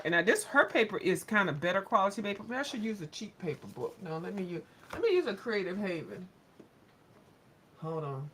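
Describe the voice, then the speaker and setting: A woman hosting a coloring channel, chatting casually and sassily, cussing with animated outbursts. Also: on the low side, a little hiss or hum. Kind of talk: casual chat to viewers.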